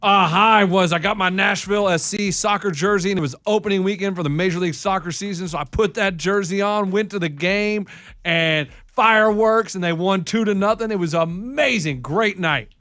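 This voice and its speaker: A man co-hosting a morning radio show, telling a story in an animated, griping way into a studio mic. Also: sits high, normal speed, no room sound. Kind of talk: casual morning radio chat. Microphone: studio microphone.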